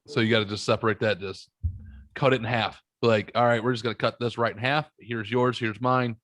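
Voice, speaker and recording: A man hosting a casual podcast, rambling through stories with plenty of swearing. His pitch sits in the middle of the range but jumps high when he imitates other people. The recording is dry and close. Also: steady tone, brisk, a bit bright, no room sound. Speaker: podcast host. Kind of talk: casual chat, storytelling.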